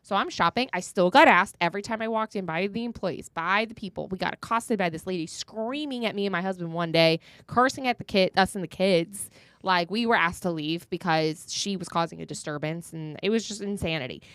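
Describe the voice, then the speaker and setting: A woman co-hosting a casual talk show, telling a story in an animated way and laughing often. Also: lowish voice, brisk, clean tone, dry recording. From Florida. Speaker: podcast co-host.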